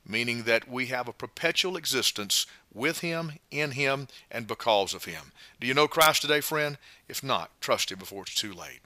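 Pastor with a bright, close voice. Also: male voice, medium pitch, no room sound. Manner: slow, emphatic preaching with frequent "uh" fillers. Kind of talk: short radio devotional sermon.

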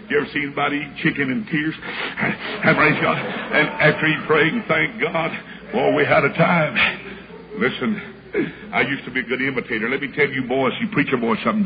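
An older man preaching a sermon, telling a story in a folksy, dramatic way and acting out the voices of the people in it. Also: medium pitch. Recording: muffled old sermon recording with hiss.

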